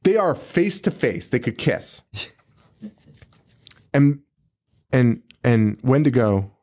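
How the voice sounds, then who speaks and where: In a casual movie-review chat about a horror film, a podcast co-host talks slowly at a medium pitch. He curses a lot, laughs frequently, and keeps his delivery animated.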